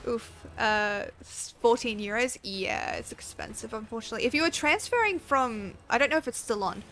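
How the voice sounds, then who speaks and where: A woman's voice: a little high, bright, forceful tone. A woman game streamer chatting casually and giggling, swearing now and then. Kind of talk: casual live-stream chat.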